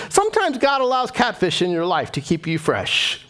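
A man's voice: high-pitched, sing-song, normal speed, few pauses. A middle-aged man preaching a sermon as pastor, earnest and climbing to impassioned emphasis.

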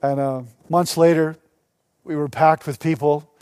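Animated high-voiced male pastor, dry sound. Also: a little slow, clear, resonant tone, no echo. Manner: animated, acts out quoted dialogue. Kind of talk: sermon.

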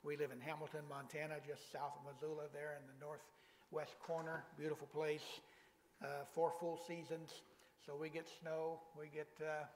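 A man's voice: on the high side, level tone, moderate pace, in a large hall, a little hiss or hum, low-quality recording. An older man preaching as a guest pastor in a church, speaking in a folksy way with self-deprecating humor. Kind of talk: sermon.

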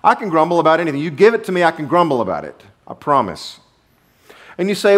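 A male pastor preaching a sermon to his congregation in a church, animated, with sudden drops to a low murmur. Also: quick pace. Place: church sanctuary.

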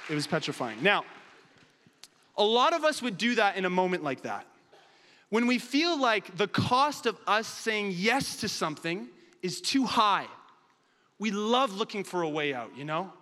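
A man's voice: sits high, sharp tone, in a large hall, slight background noise. A man preaching a sermon and telling a funny story with lots of animation. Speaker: pastor.

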